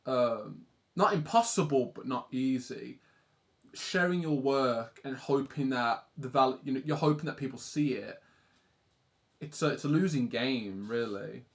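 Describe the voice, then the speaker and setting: A man's voice: mid-range voice, a little slow, vocal fry. A young British man from the UK chatting casually on a live stream, rambling and self-deprecating, reading chat aloud and swearing offhand.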